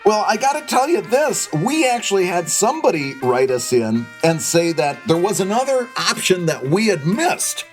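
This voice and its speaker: A man's voice: sits high, big pitch swings, normal speed, hardly any pauses, soft background music. A man co-hosting a podcast in casual chat, teasing his co-host, laughing often and reading out listener mail.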